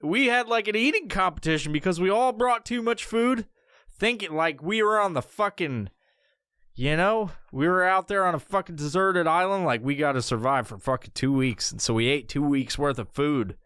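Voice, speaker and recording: Podcast host, man, higher voice, smooth and crisp, dry close mic, swears a lot, jumps into squeaky impressions. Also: normal speed, dry recording. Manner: profane, animated, mimics voices in high pitch. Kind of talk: solo podcast rant.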